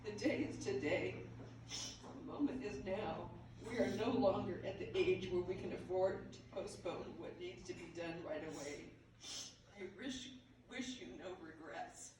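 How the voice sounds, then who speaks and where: An older woman giving a heartfelt memorial speech, halting and emotional, laughing through tears. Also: fairly low pitch. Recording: echoey hall from far off, with noise.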